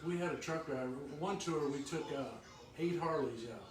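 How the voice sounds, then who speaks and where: A man telling rambling tour stories in casual chat, slipping into lively quoted voices. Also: on the high side, moderate pace, far from the mic, a little hiss or hum. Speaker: former touring musician telling road stories. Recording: echoey room, voice from off-mic.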